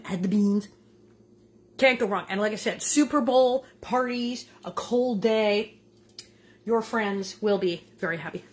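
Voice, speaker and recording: An older woman hosting a casual home cooking vlog. She is chatty and animated and keeps tasting as she talks. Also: mid-range voice. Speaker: cooking show host. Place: home kitchen.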